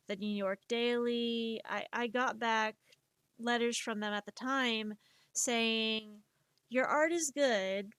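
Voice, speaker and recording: Streamer woman, casual rambling chat, slightly high voice, dry close sound. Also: clean tone, no echo. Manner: rambling and candid, with frequent stammered restarts; self-mocking, animated when acting out inner dialogue. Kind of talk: casual chat while drawing on a live stream.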